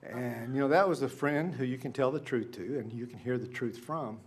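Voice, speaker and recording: In a husky, mid-range voice at a moderate pace, a middle-aged male pastor delivers a sermon in conversational storytelling fashion. He lowers into hushed asides and rises to emphatic peaks.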